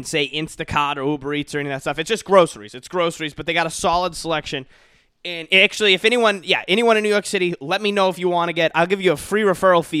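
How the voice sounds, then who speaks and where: Young guy rambling on his home podcast, cussing a ton, kinda high voice, dead dry sound. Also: fairly bright tone, clear, resonant tone, no echo. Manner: profane, brash, rambling, says dude and okay a lot. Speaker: comedian podcast host. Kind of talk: casual solo podcast rant.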